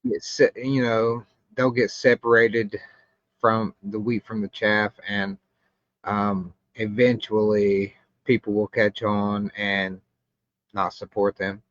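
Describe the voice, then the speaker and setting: A man's voice: fairly low pitch, little pitch movement, fairly bright tone, no room sound. Man, podcast host, thoughtful and hesitant, dull lo-fi sound, dry. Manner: measured, reflective, hesitant with ums. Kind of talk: casual podcast chat.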